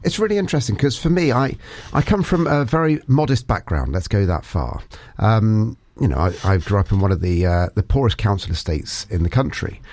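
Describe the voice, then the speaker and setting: A well-spoken man hosting a casual interview podcast, talking in an animated way. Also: on the low side, fairly quick, hardly any pauses. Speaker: podcast host.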